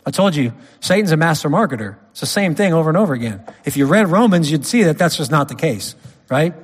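A man preaching a sermon, emphatic, swinging from loud stresses to quiet drops. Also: on the high side, expressive, fast, breathy edge. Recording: long hall reverb.

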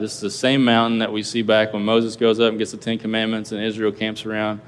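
A man's voice: fairly low pitch, monotone, fast talker, few pauses, clean tone. Preaching man in a reverberant hall. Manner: earnest preaching with rhetorical questions. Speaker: pastor. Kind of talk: sermon. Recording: long reverb of a large hall.

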